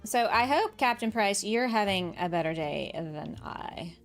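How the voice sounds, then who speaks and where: A woman streaming from home, talking in an easy middle-range voice, laughing a lot and joking about herself as she reads out comments from chat. light game music plays quietly under her the whole time. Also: medium pitch, lively intonation, measured pace. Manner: chatty, self-deprecating, laughs often, reads and answers chat aloud. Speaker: streamer playing a farming game. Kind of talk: casual livestream chat while building. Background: soft game music.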